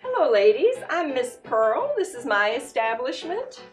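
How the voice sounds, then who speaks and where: A woman's voice: high-pitched, very animated, measured pace, reverberant, soft background music. A woman playing a friendly frontier saloon owner with a welcoming manner.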